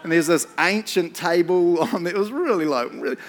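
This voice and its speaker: A middle-aged man, preaching a casual storytelling sermon and shouting out re-enacted moments. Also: high-pitched, expressive, fairly quick. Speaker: pastor.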